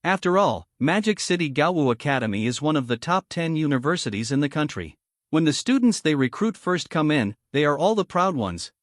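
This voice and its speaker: Male recap narrator, lively pitch. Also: fairly quick, no echo, clean studio sound. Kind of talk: scripted story recap narration.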